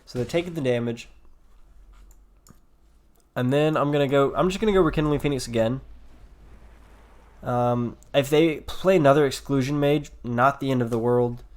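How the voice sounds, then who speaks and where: A man's voice: mid-range voice, moderate pace, pauses often, darkish tone. A man giving casual commentary over his own card game, rambling and thinking aloud with fillers, yawning and a bit tired. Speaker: gameplay commentator.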